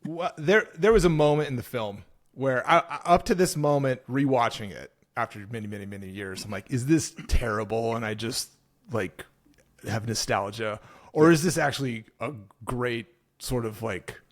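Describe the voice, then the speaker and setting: A man's voice: medium pitch, moderate pace. A man co-hosting a podcast in casual chat, enthusiastic and swearing freely. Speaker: podcast co-host.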